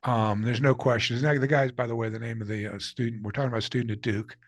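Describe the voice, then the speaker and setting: A man's voice: medium pitch, steady tone, fast talker, dry recording. An older man, an author being interviewed, telling personal stories in an earnest, candid way and acting out the people he quotes. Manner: earnest, candid storyteller who acts out quotes. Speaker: author and guest. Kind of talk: reflective storytelling interview.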